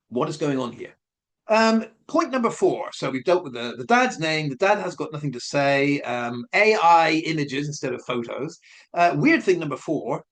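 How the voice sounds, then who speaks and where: A man giving casual spoken commentary, asking questions and speculating, repeating his points as he goes. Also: on the high side. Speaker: commentary vlogger.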